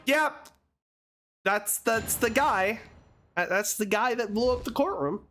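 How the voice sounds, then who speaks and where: A woman's voice: fairly high pitch, animated, slow, fairly bright tone, soft background music. A woman streamer giving casual, laughing, profane commentary while playing a story game.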